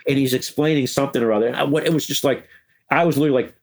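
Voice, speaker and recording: Older man, medium voice, chatty interview guest, animated storyteller. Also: medium pitch, rapid-fire. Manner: animated, chuckling storyteller who breaks into quoted voices. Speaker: interview guest, former music news editor.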